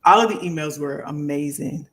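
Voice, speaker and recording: A woman's voice: deep voice, moderate pace, breathy edge. A middle-aged woman hosting a live stream, chatting casually and heartfelt with her viewers and often repeating phrases. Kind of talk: casual chat to a live audience.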